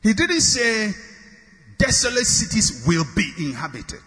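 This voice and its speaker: A male preacher with a high, bright voice that swings widely as he leads call-and-response. He drives his points home with repeated, forceful declarations that rise to shouts, and his voice rings through a reverberant hall. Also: huge pitch swings, measured pace. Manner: emphatic, call-and-response with congregation; repetitive declarations building to shouts. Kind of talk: sermon.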